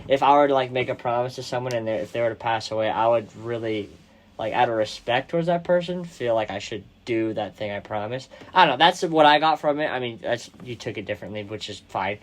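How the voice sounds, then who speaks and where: A young man hosting a podcast, retelling movie scenes casually and excitedly, with slang and lots of "like". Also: mid-range voice, quick pace. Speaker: podcast host. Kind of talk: casual chat about a movie.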